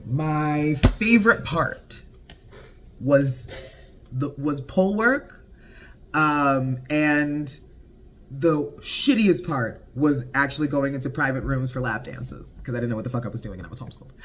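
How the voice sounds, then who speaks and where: A man giving a casual, profane episode recap, animated and laughing often. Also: medium pitch, unhurried. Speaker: TV show reviewer.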